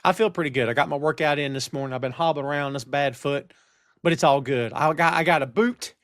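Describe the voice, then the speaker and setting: A man's voice: on the high side, fast talker, dry recording, clean studio sound. Fired-up male wrestling podcast host. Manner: animated, ranting, reads chat comments aloud. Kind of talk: live-stream wrestling talk show. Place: home studio on camera. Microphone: headphones and studio mic.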